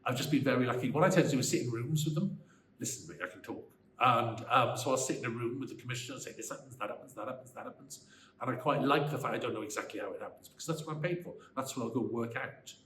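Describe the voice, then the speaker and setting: Welsh man, 60s, mid-pitched voice, animated and emphatic, interview answers, roomy echo. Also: racing. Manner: animated, emphatic, ranting in bursts. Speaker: screenwriter. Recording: roomy echo, faint background noise.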